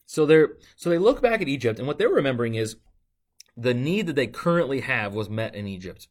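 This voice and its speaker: A man's voice: mid-range voice, animated, a little fast. A man preaching a sermon in a conversational way, often asking "right?" and acting out complaints in a mocking voice. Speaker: pastor.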